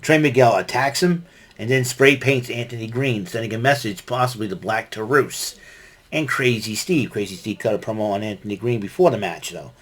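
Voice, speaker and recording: A man's voice: fairly low pitch, moderate pace. A man giving a casual solo wrestling recap, rambling with many fillers and restarts.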